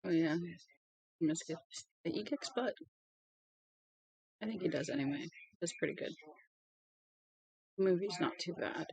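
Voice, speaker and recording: A woman's voice: moderate pace, long pauses, darkish tone, husky, no room sound. A woman chatting casually at home before reading a novel aloud, rambling between small talk and talking to her dog. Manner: rambling and chatty, talks to her dog in a high sing-song.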